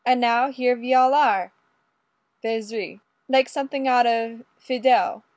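A woman's voice: fairly high pitch, measured pace, darkish tone, dry recording, voice pushed up, natural voice. Woman putting on a theatrical Russian ballerina. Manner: broken English, theatrical.

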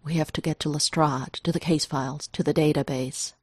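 A brusque, impatient male detective, voiced by a woman narrator. His delivery is low, clipped and measured. The voice is husky and dry. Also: steady tone, darkish tone, no room sound. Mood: brisk.

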